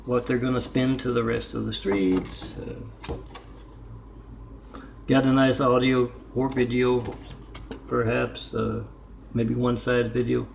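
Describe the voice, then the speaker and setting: A man's voice: medium pitch, creaky, slight background noise. A man talking casually on his art vlog, rambling between stories and repeatedly spelling out his web addresses. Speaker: artist vlogger.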